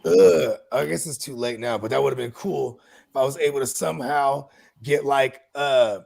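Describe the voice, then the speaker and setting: A man's voice: medium pitch, normal speed, gravelly. A man co-hosting a sports podcast, chatting casually and joking around. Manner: joking, animated, puts on voices for bits. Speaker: podcast co-host.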